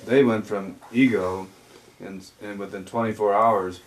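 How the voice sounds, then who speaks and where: Low-voiced man asking a question. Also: steady tone, unhurried. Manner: searching, rephrasing as he asks. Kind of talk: conversational question. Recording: voice from a distance to the mic.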